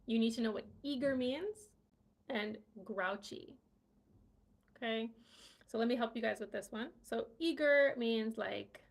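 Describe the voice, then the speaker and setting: Chatty woman teaching English, gravelly. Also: fairly high pitch, unhurried. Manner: chatty, many fillers and tag questions. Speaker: English teacher hosting a live quiz. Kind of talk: casual live-stream lesson.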